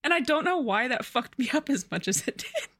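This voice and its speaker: A woman's voice: sits high, very animated, a little fast, a bit bright. Chatty, sweary woman podcast co-host. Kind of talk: casual chat about a book.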